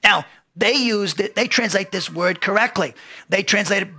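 A man's voice: sits high, moderate pace, creaky, pushed and bright, husky. A middle-aged man teaching an expository Bible lesson in a conversational way, often restarting phrases and reading quotes aloud.

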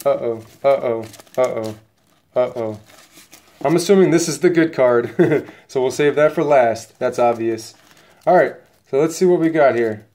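Excitable sniffly man unboxing cards. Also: fairly high pitch, moderate pace. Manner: excitable, rambling, chatty, talks straight to viewers. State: sniffly, coming down with a cold. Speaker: channel host opening trading cards. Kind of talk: casual unboxing vlog.

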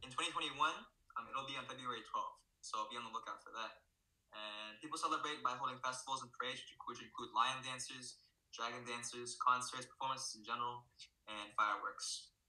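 Male student presenter, bright voice, casual and loose, in an echoey room. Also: medium pitch, fairly quick. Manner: relaxed, filler-heavy, often says "right?" and "so yeah". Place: indoor room, virtual showcase recording. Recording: roomy echo.

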